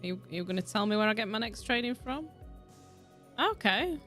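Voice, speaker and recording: A woman's voice: mid-range voice, lively intonation, moderate pace. Chatty Yorkshire woman streaming a game. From Yorkshire, England. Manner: chatty, rambling, swears freely, frequent laughter. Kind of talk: casual livestream chat while gaming. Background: soft background music.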